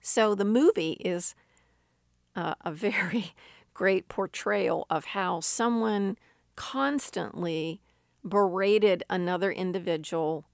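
Slow, deliberate woman preaching. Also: lowish voice, vocal fry, no room sound, studio quality. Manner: unhurried storytelling with emphatic rises. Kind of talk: sermon.

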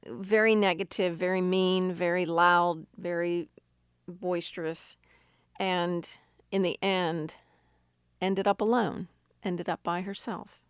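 A woman preacher giving a sermon, telling stories in an unhurried way with emphatic rises. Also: fairly low pitch, steady tone, clear, resonant tone, no room sound, clean studio sound.

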